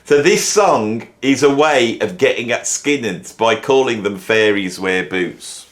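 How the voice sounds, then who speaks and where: With lively intonation and a measured pace, a medium-pitched male voice delivers relaxed music commentary. The speaker is a middle-aged YouTube host and music educator from the English Midlands, wry and rambling with a mock-exasperated air.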